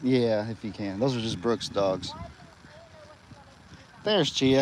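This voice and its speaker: A young man chatting casually on a live stream, cooing at animals in a high voice and calling out to them loudly. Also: takes it slowly, pauses often, a little hiss or hum. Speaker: farm livestream host. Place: outdoors on a farm among animals.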